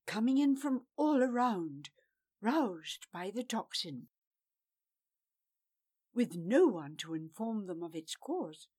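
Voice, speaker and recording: A woman with a mellow, somewhat high voice narrates a fantasy story. Her delivery is dramatic, and she changes her voice for each character.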